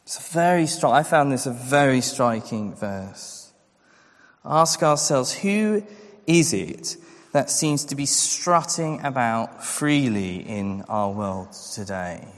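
A man's voice: medium pitch, expressive, takes it slowly. A man preaching a sermon, earnest and full of rhetorical questions, acting out the voices he quotes. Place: church. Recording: long hall reverb.

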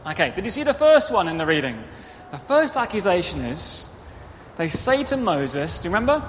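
Male preacher, high lively voice, children's talk, reverberant church. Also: moderate pace, slight background noise. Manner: animated, directs children, acts out quotes. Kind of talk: interactive children's sermon. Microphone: microphone. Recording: reverberant hall, faint ambience.

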